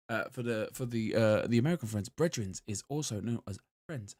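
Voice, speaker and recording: A British man in his thirties co-hosts a podcast and tells a story in a casual chat, swinging between loud bursts and muttered asides. His voice is lowish and a little fast.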